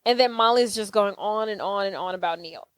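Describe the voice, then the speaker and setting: A woman's voice: mid-range voice, brisk, dry recording, studio quality. A woman co-hosting a podcast in casual chat, blunt and profane, acting out movie lines as she recaps. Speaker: podcast co-host.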